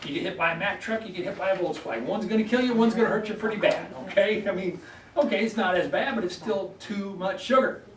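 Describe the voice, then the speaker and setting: A high-pitched man runs a folksy health workshop and keeps asking the crowd "okay?". He is caught from across an echoey room by a distant mic. A faint hiss sits under his voice. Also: fast talker. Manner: folksy, repeats "okay?" to check in with listeners. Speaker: chiropractor giving a health workshop. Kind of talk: lecture to a live audience. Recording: echoey room, voice from far off, faint background noise.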